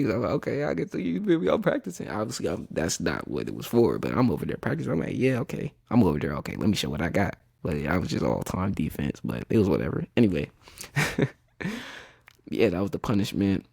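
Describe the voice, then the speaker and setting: Husky, animated young man telling a story. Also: low voice, no echo, clean studio sound. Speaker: podcast host. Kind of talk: casual storytime.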